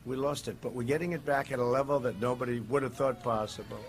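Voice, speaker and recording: A man giving a campaign rally speech outdoors, rambling and digressive, swinging between shouted lines and low asides. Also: fairly even intonation, fast, creaky. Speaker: political candidate at a rally.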